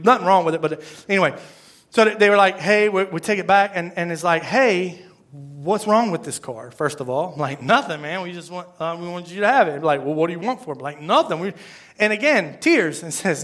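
A man's voice: high voice, a bit bright. A man, a pastor, giving a conversational sermon, rambling, repeating words and asking the congregation questions.

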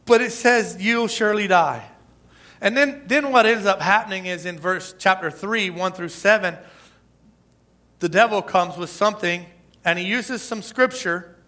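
A man preaching a sermon in a lively, conversational way, with asides, chuckles and emphatic peaks. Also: high voice, a little slow. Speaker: pastor.

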